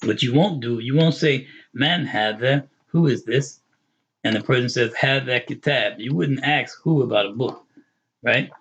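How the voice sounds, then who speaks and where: A man explains Arabic grammar in an online lesson, going over each term more than once. His voice is husky and mid-pitched. The recording sounds dull and lo-fi. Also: a bit bright. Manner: patient, repetitive explaining with quick English glosses. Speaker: Arabic teacher.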